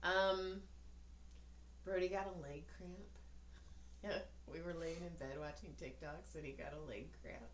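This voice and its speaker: A woman's voice: fairly low pitch, unhurried, pauses often, slight background noise. Laughing woman telling stories in a roomy space. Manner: laughs often, animated storytelling with voiced quotes. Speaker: podcast co-host. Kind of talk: casual chat. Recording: roomy echo, faint ambience.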